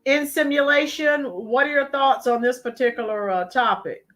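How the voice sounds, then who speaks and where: A woman's voice: high voice, normal speed, a bit bright, faint music behind. Emphatic woman live-streaming commentary. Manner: emphatic, repetitive, talks to chat viewers by name. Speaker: channel host. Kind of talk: live-stream political commentary, reading chat.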